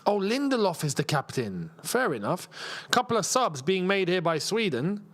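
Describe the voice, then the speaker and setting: Young English man, football watchalong host, lively up-and-down delivery, fairly high voice. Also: normal speed. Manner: excitable, reacts loudly to play, chatty with viewers. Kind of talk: live watchalong commentary and chat.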